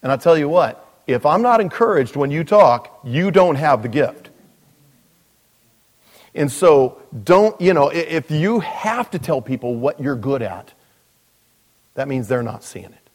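A man, a pastor, preaching a sermon in a relaxed, joking way, with lots of asides. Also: fairly high pitch, measured pace. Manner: conversational, joking, frequent "you know" asides. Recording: long reverb of a large hall.

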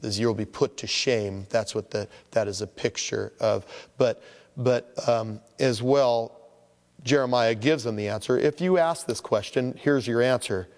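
A pastor with a medium-pitched voice preaches unhurriedly in a large hall. His sermon is animated, and he acts out the voices of people complaining about their troubles.

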